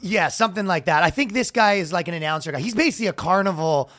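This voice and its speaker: A man telling a comedic story on a podcast, loud and animated, with bursts of shouted announcer impressions. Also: high-pitched, quick pace. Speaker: podcast co-host.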